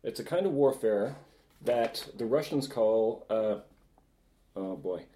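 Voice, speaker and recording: Male podcast co-host, low mellow voice, explanatory and lecture-like, roomy sound. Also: expressive, takes it slowly. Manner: explains and defines terms, lecture-like. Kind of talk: casual discussion. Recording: roomy echo.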